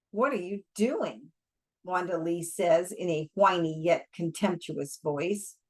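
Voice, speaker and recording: A woman reads a novel aloud in a measured, deliberate manner. Her pace is unhurried, and her pitch sits in a middle range. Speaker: audiobook reader.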